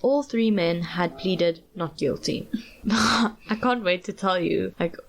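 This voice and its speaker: A woman's voice: on the low side, slow, creaky. A South African woman co-hosting a podcast, telling a true-crime story in a chatty way and laughing often as she goes. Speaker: podcast co-host.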